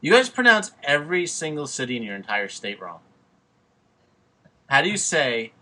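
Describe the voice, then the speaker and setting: A man with a New York accent, with a bright, forceful voice, trading loud jokes on a casual podcast. He swears freely and needles his friend. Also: medium pitch, very animated, normal speed, pauses often. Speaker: podcast host.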